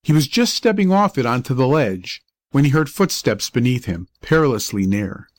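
A man reading a story aloud as an audiobook narrator, in a measured storytelling manner. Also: mid-range voice, very animated, no echo. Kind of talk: scripted narration.

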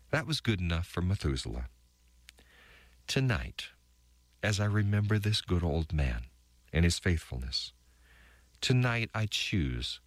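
A man voicing the weary, bitter wife of an ark builder, reading her diary entries with halting, stammered restarts. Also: low voice, dry recording, heavily acted. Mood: grieving.

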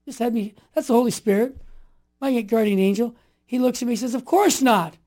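A man in his sixties telling stories as a guest, energetic and emphatic, acting out what others said. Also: very high voice, brisk. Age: 60s. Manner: energetic and emphatic, acts out quoted voices. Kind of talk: animated storytelling.

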